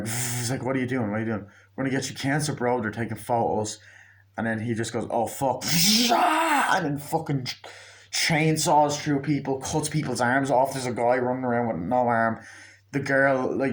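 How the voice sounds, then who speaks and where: Man, casual reviewer; rambling, profane, mid-pitched, jumps into quick character impressions. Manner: rambling, profane, acts out scenes in quick mimicked voices. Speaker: movie reviewer. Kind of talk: casual spoken movie review.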